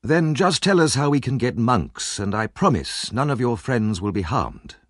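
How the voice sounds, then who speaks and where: A kindly older gentleman speaks calmly and earnestly, voiced by a man reading an audiobook. His tone is reassuring, with a lively rise and fall. The sound is close and dry. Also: mid-range voice, moderate pace, dry recording, pitched above the performer's own voice, natural voice. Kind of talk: audiobook character voice.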